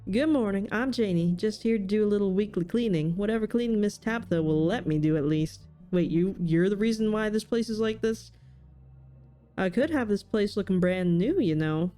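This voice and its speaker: A woman's voice: medium pitch, moderate pace, mellow, faint music behind, lightly acted. A woman voicing an overfriendly cleaning lady who rambles in a cheerful, folksy way.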